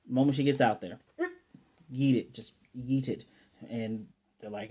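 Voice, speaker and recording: Mellow American male host, loose rambling anime recap full of fillers. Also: mid-range voice, fairly even intonation, unhurried, pauses often, slightly rough. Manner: rambling, many fillers and self-corrections. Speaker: anime reviewer. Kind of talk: casual episode review.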